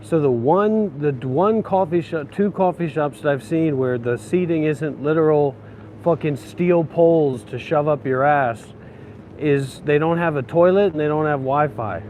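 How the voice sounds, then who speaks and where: A man's voice: on the high side, a little slow, darkish tone, slight background noise. A man vlogging while walking city streets, ranting in a frustrated, profane way. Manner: frustrated, swearing, grumbling.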